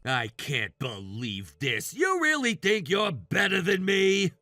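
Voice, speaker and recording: A man's voice: sits high, very animated, slow, no room sound, exaggerated voice. A man playing an entitled, bossy brother-in-law. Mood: angry. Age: 30s. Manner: demanding, yelling insults. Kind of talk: text message story voice.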